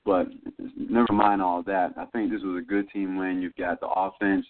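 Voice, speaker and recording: A man's voice: deep voice, flat delivery, normal speed. A man from Atlanta co-hosting a casual sports talk show, confident and emphatic. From Atlanta, US South. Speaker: co-host. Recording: tinny phone line.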